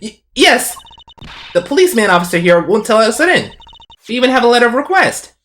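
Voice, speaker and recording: A man voicing a bubbly teenage girl magician's assistant in a squeaky high falsetto. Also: sing-song, a little fast, a bit bright, slight background noise, heavily acted. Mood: excited.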